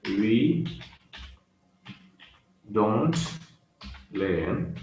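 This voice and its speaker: A man teaching grammar at a very slow, deliberate pace, repeating each key phrase. His voice sits at an ordinary pitch. The room adds a noticeable echo, with faint background noise. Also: big pitch swings, darkish tone, highs cut off. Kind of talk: slow online grammar lesson.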